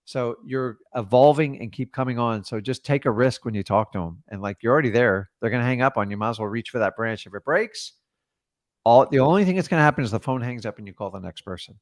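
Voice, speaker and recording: A man coaching a caller in a casual, blunt way, acting out phone calls with quick changes of voice. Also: mid-range voice, dry recording, studio quality. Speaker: real estate investor coaching a caller.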